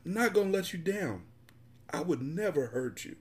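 A man doing a soft, coaxing lover's voice. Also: a little high, lively intonation, moderate pace, pitched above the performer's own voice, natural voice. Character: smooth-talking adult male lover, gentle and coaxing.

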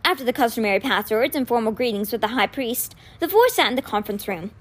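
Woman, novel read-aloud, expressive storytelling, animated, higher pitch. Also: quick pace. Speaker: reader. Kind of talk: reading a children's novel aloud.

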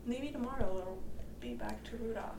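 A woman's voice: on the high side, normal speed. Young woman, casual slangy chat, roomy echo, audible background noise. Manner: laughs often, slangy and blunt. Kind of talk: casual chat among friends. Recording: roomy, noisy room.

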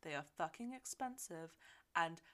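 A woman's voice: fairly low pitch, lively intonation, normal speed, bright, forceful tone. A woman co-hosting a podcast, casually recapping a film, swearing freely and laughing as she retells it. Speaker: podcast co-host.

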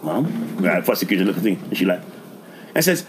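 A man's voice: deep voice, steady tone, quick pace, background noise. A man animatedly telling a story in casual chat, often laughing as he goes.

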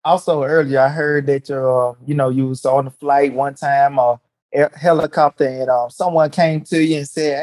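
A man hosting a casual interview, asking questions in a relaxed, hesitant way. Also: medium pitch, normal speed. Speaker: host.

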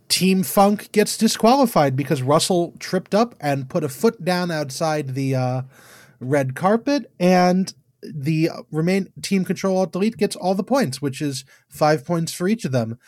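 A man's voice: fairly high pitch, animated, measured pace, a little mellow, no echo. A man co-hosting a podcast in casual chat, dry and matter-of-fact as he reads out scores and nitpicks. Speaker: podcast co-host.

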